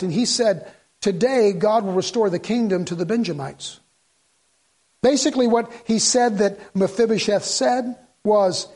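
In a church sanctuary, a middle-aged pastor delivers a sermon in a voice fairly high for a man, with a darkish tone and a moderate pace. He narrates the story as he goes, slipping into its characters' voices and often repeating or restarting his words.

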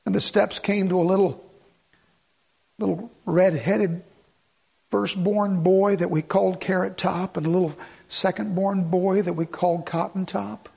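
Gravelly-voiced preacher, earnest and urging. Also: male voice, high-pitched, steady tone, measured pace. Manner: earnest, swings from hushed prayer to urgent appeals. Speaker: pastor. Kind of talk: sermon.

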